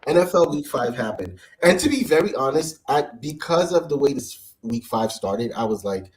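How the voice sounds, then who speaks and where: A man's voice: medium pitch, animated, moderate pace. A man co-hosting a casual sports talk show, joking as he pushes the show along over a home mic. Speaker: co-host.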